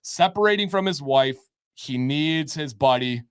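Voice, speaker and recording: A man's voice: fairly high pitch, lively intonation, unhurried, clear, resonant tone, no echo, clean studio sound. Upbeat man hosting a live advice stream. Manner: upbeat, emphatic, repeats key advice. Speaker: show host giving beard advice.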